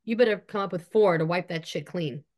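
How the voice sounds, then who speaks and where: A woman's voice: on the low side, a little fast, darkish tone. Blunt, supportive woman coach in chat. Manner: supportive, blunt, swears casually. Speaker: coach with clients. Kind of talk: casual podcast chat.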